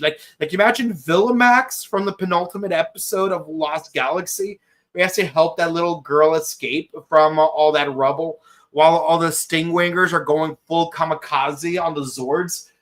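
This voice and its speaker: A man in his thirties hosting a podcast, gushing through an excited solo review with many fillers and exclamations. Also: on the high side, moderate pace. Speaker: podcast host reviewing an episode.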